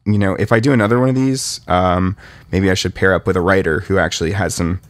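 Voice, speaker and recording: A man's voice: low-pitched, fairly even intonation, fast. A man hosting a casual podcast, rambling and self-deprecating as he talks through his own 3D work. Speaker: podcast host, 3D artist.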